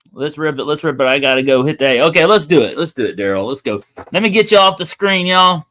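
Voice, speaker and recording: A man's voice: medium pitch, bright, forceful tone. A young man, hosting a casual livestream and rambling to viewers. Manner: rambling, chatty, talks to viewers. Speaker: livestream host.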